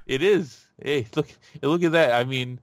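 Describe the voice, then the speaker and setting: A man hosting a podcast in a casual chat, rambling with lots of fillers and restarts and getting animated. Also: mid-range voice, unhurried, no room sound. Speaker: podcast host.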